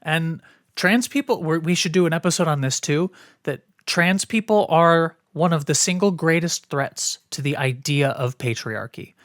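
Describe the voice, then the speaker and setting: A woman's voice: low voice, normal speed, no room sound. A woman co-hosting a podcast in casual chat, frank and emphatic and swearing freely, on a close mic. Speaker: podcast co-host.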